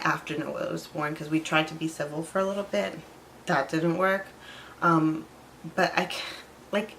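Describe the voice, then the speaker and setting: Gravelly-voiced woman telling a story. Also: lowish voice, a little hiss or hum, rough recording. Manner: animated, acts out quotes. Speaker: vlogger. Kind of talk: storytime vlog.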